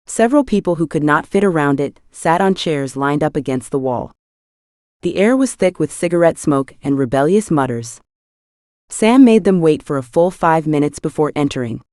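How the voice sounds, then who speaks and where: Here a woman tells an audiobook story from a script, her delivery measured and even. Her voice is low, and the studio-quality recording carries no room sound.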